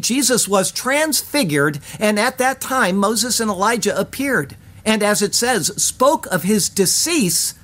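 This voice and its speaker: A Bible teacher giving scripted verse-by-verse commentary, reading in a measured way and stressing key phrases. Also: mid-range voice, a bit bright.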